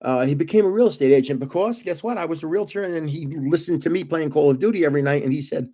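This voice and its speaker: A man's voice: a little high, fast, warm tone. An older man, host of a card-collecting stream, telling meandering family stories in a casual way and chuckling at himself. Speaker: host of a trading card livestream. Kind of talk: rambling casual storytelling.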